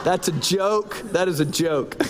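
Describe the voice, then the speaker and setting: A man, preaching a sermon in a conversational, joking way, with pauses between phrases. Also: high-pitched, very noisy. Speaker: pastor.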